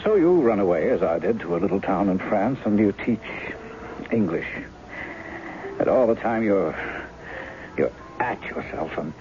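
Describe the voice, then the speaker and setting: A man's voice: lowish voice, sing-song, moderate pace, long pauses, background noise. An actor in his forties playing a charming writer who poses as a woman's lost husband, breezy and teasing, in 1970s radio drama style. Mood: rueful. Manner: teasing, breezy, later rueful. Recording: dull old radio broadcast with music.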